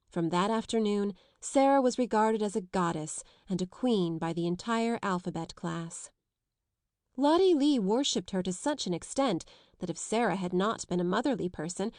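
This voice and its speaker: A woman narrating a classic children's novel in a measured storytelling voice. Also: medium pitch, darkish tone, no echo, clean studio sound. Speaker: audiobook narrator. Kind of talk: scripted narration.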